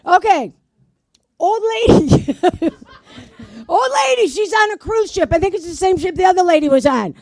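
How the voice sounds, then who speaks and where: Woman stand-up comedian, brash, swears, very high pitch, dry sound. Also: lively intonation, unhurried, darkish tone, dry recording. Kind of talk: stand-up joke telling. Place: community arts center stage.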